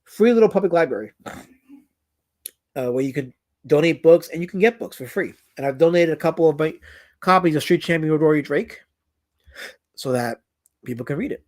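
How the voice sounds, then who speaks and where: High-voiced man, rambling livestream chat. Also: animated, fairly quick, pauses often. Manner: rambling, with many stuttered repeats. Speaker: streamer and comic creator. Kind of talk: casual livestream chat, reading comments.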